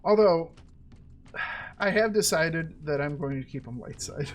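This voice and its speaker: A man chatting casually as he plays through a game, thinking aloud and getting excited over his rewards. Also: on the high side, unhurried. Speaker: gaming channel host. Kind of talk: casual let's-play commentary.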